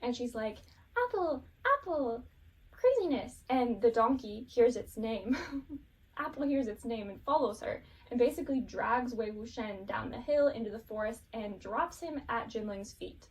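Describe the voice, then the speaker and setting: A woman's voice: fairly high pitch, moderate pace, a little mellow, far from the mic. A woman casually recapping a show, rambling and giggling, with lots of fillers.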